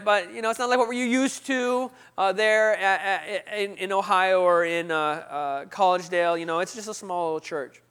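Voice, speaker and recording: A man preaching a sermon, telling a personal story in a lively way, acting out the people in it and swinging from loud outbursts to hushed asides. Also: high-pitched, fairly quick, clear, resonant tone.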